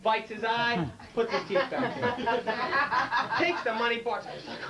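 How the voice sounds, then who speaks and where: A woman's voice: on the high side, a little slow, crowd noise. A woman telling stand-up jokes at a live bar comedy night, rambling with lots of filler words and chuckles. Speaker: stand-up comic. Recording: distant mic with audience noise.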